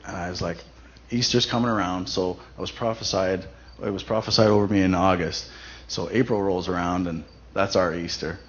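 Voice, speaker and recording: A man with a lowish voice gives a personal testimony at a church event. He talks in a loose, conversational way, full of fillers and restarts. The recording is dull and lo-fi, with a faint hiss of noise underneath. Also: steady tone, fairly quick.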